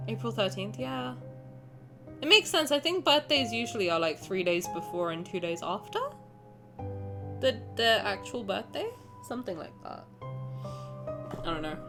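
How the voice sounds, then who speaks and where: A woman streamer chatting casually and excitably while reacting to a game, often swearing and gushing. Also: a little high. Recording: faint game music underneath. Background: game music.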